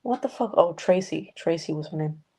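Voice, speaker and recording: A woman streams from her room at home, chatting loosely with her viewers and swearing freely. Her voice sits low and sounds mellow and relaxed. She rambles from one thing to the next. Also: brisk, breathy edge, low-quality recording. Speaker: livestream host. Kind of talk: casual chat with live chat viewers. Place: home room with a noisy fish tank.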